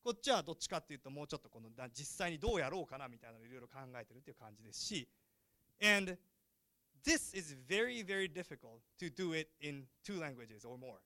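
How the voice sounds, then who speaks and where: Lecturer, man, high voice, dry close sound, chatty. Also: very fast, no echo. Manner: chatty, lively, asks the class questions. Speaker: university lecturer. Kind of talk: classroom lecture switching between Japanese and English.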